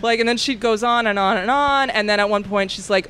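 A woman's voice: medium pitch, a little fast, hardly any pauses, fairly bright tone. A young woman, a comedian and bartender, telling a rambling story in casual podcast chat, full of "like" and swearing. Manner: rambling, heavy use of "like", swears freely.

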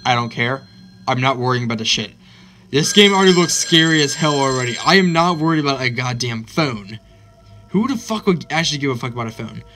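Excitable, foul-mouthed male gamer. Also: medium pitch, fairly quick, faint music behind. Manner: excitable, swears constantly, yelps when startled. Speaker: gaming channel host. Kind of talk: let's play commentary.

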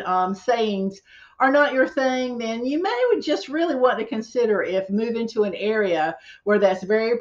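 A real estate agent from southeastern North Carolina with a Southern accent, talking in a folksy, chatty vlog with playful asides. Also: female voice, medium pitch, a little mellow, muffled recording. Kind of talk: casual direct-to-camera vlog.

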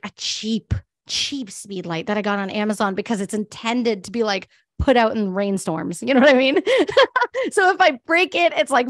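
A chatty woman speaking in a fairly high voice, presenting to an audience. She talks loosely, packed with fillers and quick laughs. The sound is dry and close. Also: a bit bright, no echo. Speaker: guest speaker, pet photographer.

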